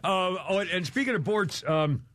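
Rambling, opinionated talk radio host. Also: male voice, high-pitched, animated, normal speed, a bit bright. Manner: rambling, opinionated, laughs and mimics people. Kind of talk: casual talk radio chat. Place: radio studio with video cameras. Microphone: studio microphone.

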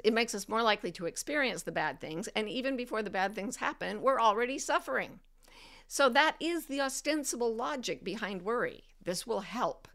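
A woman hosting a show, answering listener questions in an advice talk and slowing and softening her voice for serious points. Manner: gentle, deliberately slows and lowers her voice for serious points. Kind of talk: warm advice talk to an audience.

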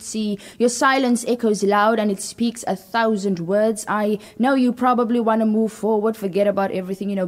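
A woman's voice: medium pitch, darkish tone. A South African woman performing a spoken-word poem, rhythmic and declamatory.

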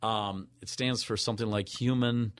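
A man's voice: lowish voice, steady tone, moderate pace, smooth, dry recording. An older man shares a moving personal story as a radio guest. He is earnest and slips into the voices of the people he quotes. The sound is dry and close, with no room around it. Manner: earnest, acts out quoted voices with wide swings.

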